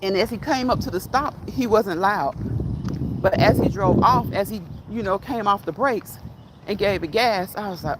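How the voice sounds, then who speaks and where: A middle-aged woman talks her way through a casual walking livestream, wandering from thought to thought and chatting straight to her viewers. Her voice is pitched in an ordinary middle range. Street sounds and passing traffic come through clearly behind her. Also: a little slow. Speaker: vlogger reading live chat. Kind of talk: casual walk-and-talk livestream.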